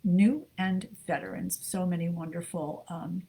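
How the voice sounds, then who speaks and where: A middle-aged woman from the United States co-hosting a live book show from her home desk, chatty and warm, greeting viewers by name with many ums. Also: on the low side, steady tone, unhurried, gravelly. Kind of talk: casual live-stream chat greeting viewers.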